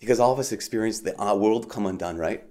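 A man preaching a homily at Mass in a conversational way, with frequent "like" and restarts, rising for emphasis and dropping soft on key lines. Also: fairly low pitch, fast.

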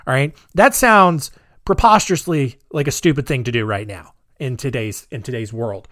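A man in his thirties hosting a podcast, rambling in a chatty way with dark sarcastic humor. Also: medium pitch, moderate pace, dry recording, clean studio sound. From United States. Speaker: podcast host. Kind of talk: casual podcast monologue.

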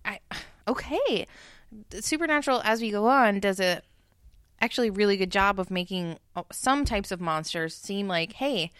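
Smooth-voiced woman, opinionated podcast co-host. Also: mid-range voice, moderate pace, no echo, clean studio sound. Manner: opinionated, animated, quotes characters in paraphrase. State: tipsy from drinking. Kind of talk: casual chat recap.

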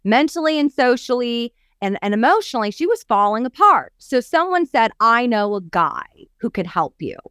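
A woman co-hosting a coaching podcast tells a story in a higher voice at a moderate pace, barely pausing, with a clean tone and studio-quality sound free of room noise. She's expressive, acts out the quoted voices, and rattles off emphatic lists.

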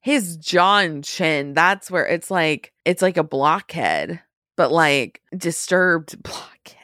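A woman with a lower voice co-hosts a relaxed podcast chat, making dry joking remarks. She talks slowly, with a lively, swinging pitch. The sound is close and dry. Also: no room sound. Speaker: podcast co-host. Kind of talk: casual chat.

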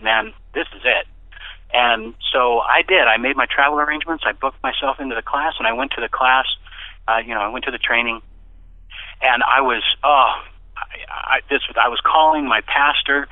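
A middle-aged man giving a personal testimony in casual conversation, animated and given to bursts of excited speech. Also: normal speed, no room sound. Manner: animated storyteller who bursts into excited, high-pitched quoted speech. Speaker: interview guest. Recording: dry, tinny phone-like line.

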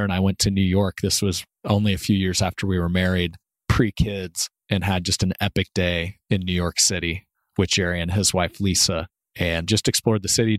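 A man's voice: deep voice, no echo. A man in his thirties from Kansas, hosting a podcast and telling a story in a casual, personal way. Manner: warm storytelling, speeds through disclaimers. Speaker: podcast host.

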